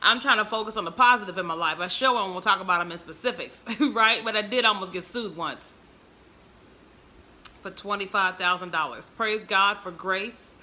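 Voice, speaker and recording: Bright, chatty woman on a livestream. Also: mid-range voice, moderate pace. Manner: chatty and expressive, talks straight to viewers, laughs often. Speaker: entrepreneur livestreaming to followers. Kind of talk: casual livestream talk. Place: at home.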